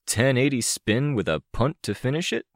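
A man reads an audiobook, pitching his voice above his own to play an eager young man who speaks in a playful, wordy way. The delivery is very animated and mid-range at a moderate pace, with a clean, dry studio sound.

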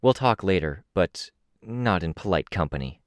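A man reads a blunt, guarded young heroine in an audiobook, speaking in short, clipped sentences. His low voice barely shifts for her, and the sound is dry and close. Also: animated, moderate pace, dry recording. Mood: curt. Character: terse young woman hero, guarded and blunt.

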